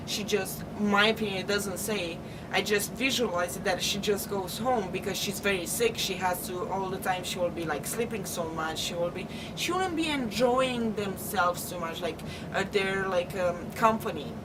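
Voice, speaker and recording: A woman's voice: medium pitch, recorded from a distance, noisy background. A woman giving a casual, rambling vlog book review, full of "like" and "uh" fillers. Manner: rambling, chatty, lots of "like" and "uh".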